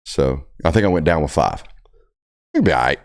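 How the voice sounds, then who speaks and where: A man's voice: a bass voice, lively intonation, normal speed. A young man hosting a casual sports talk show, telling stories in a laid-back, drawling way. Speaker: podcast host.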